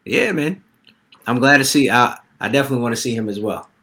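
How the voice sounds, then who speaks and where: A young man hosting a casual podcast chat, rambling with many halting restarts. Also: medium pitch, animated, sharp tone.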